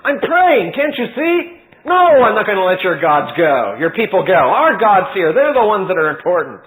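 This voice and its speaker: A man's voice: on the high side, huge pitch swings, a little slow, pushed and bright, exaggerated voice, rough recording. A man voicing a boastful, scornful Egyptian king in a told story. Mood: indignant. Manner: mocking, blustering.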